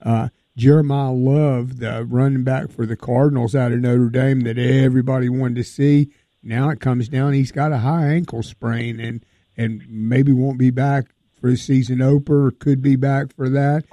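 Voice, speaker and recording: A man's voice: mid-range voice, normal speed, no echo. A man hosting a casual sports talk show, asking questions with frequent fillers. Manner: relaxed, flat delivery with frequent fillers. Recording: dry, phone-like line.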